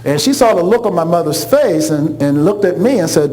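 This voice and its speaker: A man's voice: sits high, fairly quick, rough recording. A middle-aged man telling a funny personal story, acting out the voices of the people in it. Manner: animated, acts out quoted voices, laughs along.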